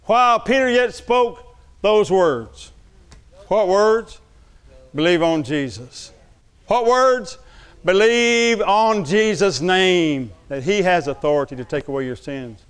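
A man with a high, smooth and resonant voice preaches a lively sermon. He drops to quiet, close asides and then swells into loud calls to the congregation. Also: slow. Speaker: pastor. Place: church sanctuary.

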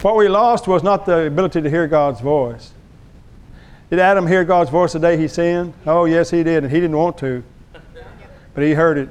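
A male pastor preaches emphatically at a moderate pace, pressing his congregation to respond. His voice sits somewhat high and sounds smooth and resonant.

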